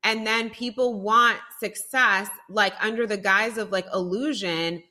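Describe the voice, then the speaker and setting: Bright-voiced woman business mentor. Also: mid-range voice, fairly even intonation, a little slow. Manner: emphatic, swears freely. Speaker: podcast guest, business mentor. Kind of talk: casual chat.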